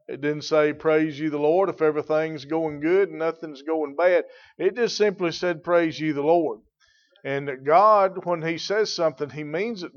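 A man preaching a sermon, moving from quiet teaching to loud, emphatic declarations. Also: a little high, lo-fi sound. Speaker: pastor.

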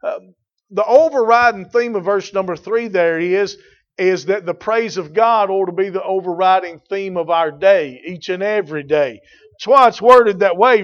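A male pastor delivers a sermon in a fairly high voice. His delivery swings from calm, quiet teaching to loud, emphatic declarations. The recording sounds dull and lo-fi. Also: moderate pace.

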